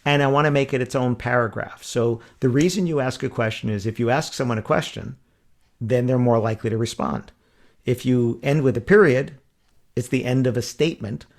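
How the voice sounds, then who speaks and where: Man, podcast guest, sales coaching, lively, acts out customers, chuckles, creaky voice, mid pitch. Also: fairly quick. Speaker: wedding sales consultant. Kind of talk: podcast interview, coaching advice.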